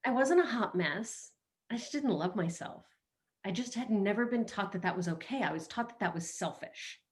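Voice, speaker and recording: A woman's voice: medium pitch, lively intonation, moderate pace. A middle-aged woman hosting a webinar, coaching in a casual, playful way and slipping into quoted self-talk, speaking over a video call.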